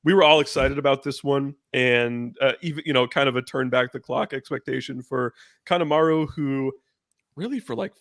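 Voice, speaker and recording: A man runs a casual podcast chat, rambling through his points with plenty of fillers and restarts. His voice has a gravelly grain. The sound is dry, with no room around it. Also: mid-range voice, normal speed, fairly bright tone, dry recording. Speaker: podcast host.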